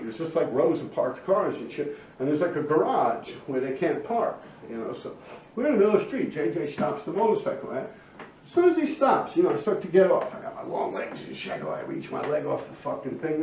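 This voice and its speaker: A man telling his own street crime stories to camera, animated and profane, full of slang and fillers. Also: a little high, a little hiss or hum. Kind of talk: casual street storytelling to camera. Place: at home by a window. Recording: roomy, distant, dull sound.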